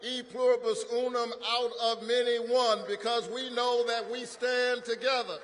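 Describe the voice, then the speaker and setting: A man's voice: very high voice, flat delivery, a little slow, fairly bright tone. A man, a pastor, giving a rousing political rally speech in a preacherly call-and-response style. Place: large rally venue. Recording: long arena reverb.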